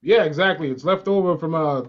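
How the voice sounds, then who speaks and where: A man performing improvised comedy on stage, halting with many fillers. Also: fairly high pitch, highs cut off.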